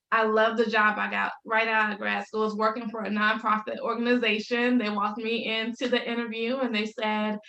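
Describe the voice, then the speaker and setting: Muffled video-call audio with a roomy echo carries a woman's slightly high, sharp-toned voice. In her thirties, she's a business coach talking as a podcast guest, upbeat, laughing a lot, and telling faith-filled stories in a casual interview.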